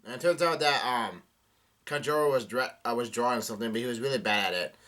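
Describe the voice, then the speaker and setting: A man's voice: medium pitch, a bit bright. A man reading a comic aloud and commenting on it, with frequent fillers and restarts. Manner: reads aloud haltingly with many fillers and restarts. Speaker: manga reaction host.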